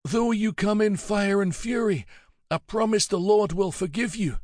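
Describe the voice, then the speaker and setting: Man voicing a frail elderly abbot, high pleading tone, forgiving, audiobook, dry sound. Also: measured pace, darkish tone, dry recording. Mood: fervent. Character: dying old male abbot, serene and forgiving.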